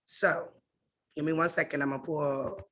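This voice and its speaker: A woman with a fairly low voice runs an online class over a video call. She explains things in a casual, direct and conversational way and talks to her listeners as y'all. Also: fairly even intonation, moderate pace, a bit bright. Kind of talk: casual instructional talk.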